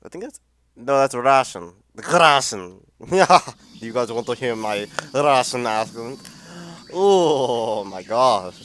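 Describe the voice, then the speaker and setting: A man's voice: medium pitch, a little slow, a little hiss or hum. A young man casually commenting while he plays a video game, exclaiming and reacting to what happens on screen. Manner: excitable, exclaims and laughs at the game. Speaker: gaming channel host. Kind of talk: casual let's-play commentary.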